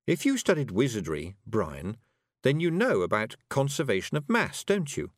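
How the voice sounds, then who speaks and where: A man voicing a sharp-witted young girl witch who talks coolly and with sweet sarcasm. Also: mid-range voice, wildly swooping pitch, normal speed, dry recording, clean studio sound. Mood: sly.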